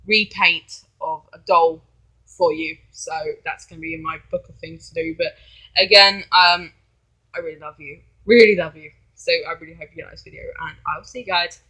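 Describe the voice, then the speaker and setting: Bright, high-voiced man. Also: fairly even intonation, rough recording. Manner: rambling, halting, heartfelt. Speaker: fan vlogger. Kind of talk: casual direct-to-camera vlog.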